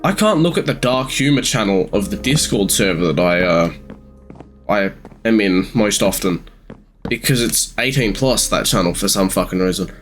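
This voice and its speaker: An eighteen-year-old Australian man rambling through casual gameplay commentary with halting ums, sounding sleepy. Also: on the low side, animated, a bit bright, soft background music. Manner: rambling, halting, many ums, sometimes swears. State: sleepy, yawning. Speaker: gamer streamer.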